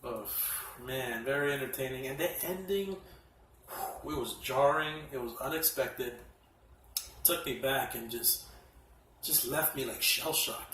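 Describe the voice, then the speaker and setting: A man casually reviewing horror films from his collection, excitable and profane, often laughing as he talks. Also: medium pitch, unhurried, a little hiss or hum. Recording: echoey room, mic at a distance.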